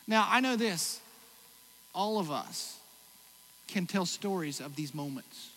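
A pastor preaching a sermon in a high, bright, forceful voice. He swings between loud exclamations and hushed, reflective passages. The sound rings with long hall reverb over faint background noise. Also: animated, slow.

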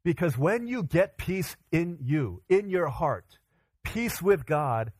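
A young adult male pastor telling a personal story in a sermon, acting out quotes with lively energy. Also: a little high, takes it slowly, husky, dry recording. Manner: animated storyteller, acts out quotes.

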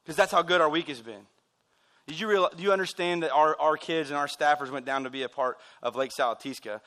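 A male pastor delivers a sermon in a wired, excitable way, full of joking asides. His voice is bright and sits a little high. He speaks in a church. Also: fast talker.

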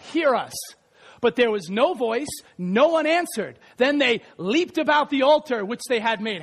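High-voiced animated male preacher. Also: big-room sound. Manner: animated, joking, shouts for emphasis. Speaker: pastor. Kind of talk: lively sermon with scripture reading. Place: church sanctuary.

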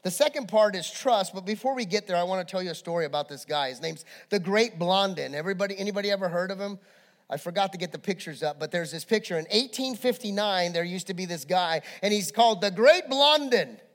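In a large hall, a pastor with a bright, high voice preaches quickly, shaping his sermon through lively storytelling. He moves between quiet asides and fired-up peaks as the story unfolds.

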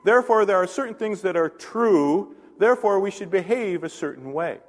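A man's voice: high-pitched, animated, normal speed, in a large hall. A male pastor preaching a conversational sermon, asking the congregation questions and adding self-deprecating asides.

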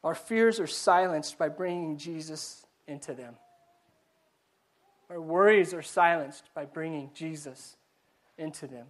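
A man giving a conversational sermon to a live congregation, animated and questioning the audience, often stumbling and repeating words. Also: on the high side, a little slow. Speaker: pastor. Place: church before a live congregation.

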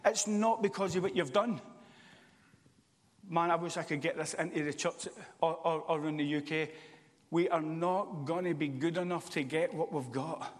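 A man preaching a sermon in church, swinging from loud, impassioned calls to quiet, confiding stories. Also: fairly high pitch, fairly even intonation, moderate pace, in a large hall.

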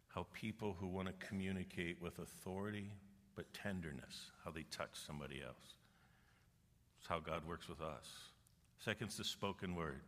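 A middle-aged man preaching a sermon, animated and humorous, rising to forceful exhortation. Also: low-pitched. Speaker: pastor. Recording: long reverb of a large hall.

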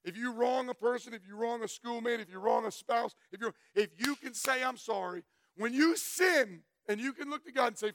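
A middle-aged man giving a folksy, animated testimony sermon, telling stories and breaking into shouts. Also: very high-pitched, normal speed, no room sound. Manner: folksy, storytelling, bursts into shouts.

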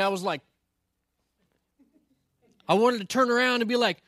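A man's voice: extremely high pitch, moderate pace, a bit bright, no room sound. A male pastor giving a sermon in a conversational, storytelling way, often checking in with "right?" and earnestly challenging his listeners.

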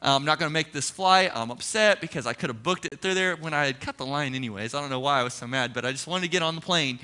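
A man preaching as a pastor, telling a personal story with animated, acted-out dialogue before turning to scripture. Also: a little high, fast, clear, resonant tone.

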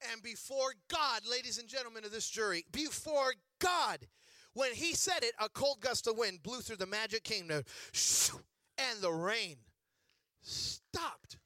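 A middle-aged male preacher with a very high, bright and forceful voice, in a dry, close sound. He tells funny stories in an animated way, acts out the quotes and works up to shouted exhortations. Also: normal speed, no echo. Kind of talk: humorous storytelling sermon.

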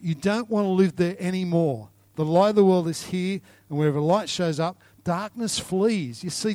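A man's voice: high-pitched, dry recording. A male pastor preaching and praying in a church service, with an earnest, repetitive cadence that builds to fervent declarations. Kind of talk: sermon and closing prayer. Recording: loud guitar music behind. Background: guitar music.

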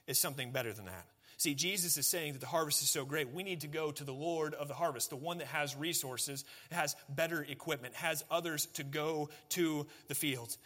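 A male pastor delivers a sermon in a fairly high, bright, forceful voice. He talks to his congregation in an easy, chatty way, then presses his points hard with emphatic, pleading intensity. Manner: conversational, building to emphatic pleading.

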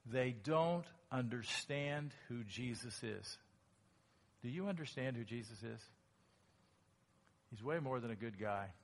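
A man preaching a sermon as pastor, lively and emphatic, acting out quoted lines in a raised voice. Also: medium pitch, a little slow, pauses often.

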